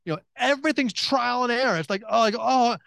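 A man preaching a sermon in a chatty, joking way, acting out his own prayers with big leaps in pitch and talking through many restarts. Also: brisk, gravelly, fairly bright tone, clear, resonant tone, no room sound. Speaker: pastor.

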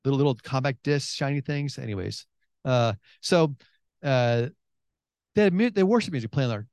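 A man preaching a sermon in a chatty, joking way, acting out his own prayers with big leaps in pitch and talking through many restarts. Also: expressive, moderate pace, darkish tone, no echo. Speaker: pastor.

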